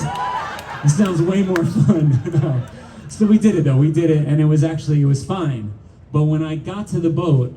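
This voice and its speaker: A man's voice: a little high, warm tone, a little hiss or hum. A middle-aged man, a band's singer, telling a rambling, profane story with frequent laughs between songs on a live stage. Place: live music venue stage. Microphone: stage vocal mic recorded from the crowd. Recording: distant live audience recording with band.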